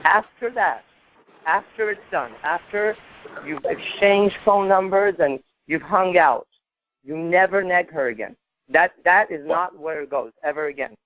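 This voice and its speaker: A man's voice: high-pitched, measured pace, lo-fi sound. A man co-hosting a podcast, giving emphatic, profane dating advice and acting out sample conversations. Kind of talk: animated casual advice talk.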